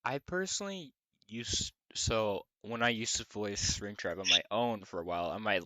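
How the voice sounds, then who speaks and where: Male streamer host, rambling casual chat, crisp dry sound. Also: on the low side, moderate pace, bright, forceful tone, no room sound. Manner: rambling, frequent restarts.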